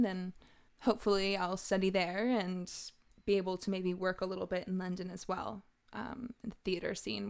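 Brief: a young adult actress guesting on a comedy podcast. She is relaxed and thoughtful, answering at an unhurried conversational pace. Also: medium pitch, gravelly. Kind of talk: casual interview chat.

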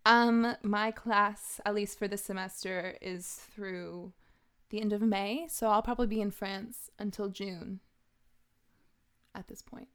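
Easygoing young actress on a podcast. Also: female voice, mid-range voice, fairly even intonation, measured pace, a bit bright, smooth. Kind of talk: casual interview chat.

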